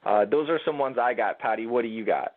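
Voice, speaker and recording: A man's voice: medium pitch, fairly quick. Man as a thoughtful radio panel guest, phone-line audio. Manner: thoughtful, hesitant, many fillers. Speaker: conflict coach guest. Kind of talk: casual panel talk.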